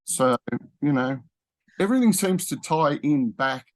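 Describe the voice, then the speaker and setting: A man's voice: a little high, lively intonation, unhurried, no echo. A man, talking casually in a rambling way, full of fillers and restarts. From Australia. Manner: rambling, with frequent fillers and self-corrections. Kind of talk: casual conversational talk.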